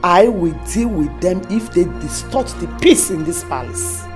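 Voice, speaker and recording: A slow, firm royal mother with a Nigerian accent, defending her son. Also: fairly low pitch, animated, faint music behind. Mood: warning.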